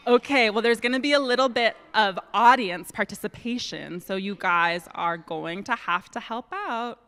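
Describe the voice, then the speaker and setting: A woman's voice: a little high, unhurried. Playful woman minister in a reverberant hall. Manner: playful and expressive, speaking to children. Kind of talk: reading a children's story aloud during a service. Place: church sanctuary. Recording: long reverb of a large hall.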